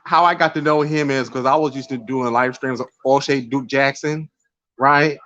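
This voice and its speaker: A man with a Southern US accent, a guest telling stories excitedly on a casual livestream. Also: medium pitch, dry recording, dull audio. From southern United States. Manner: fast, excitable storytelling.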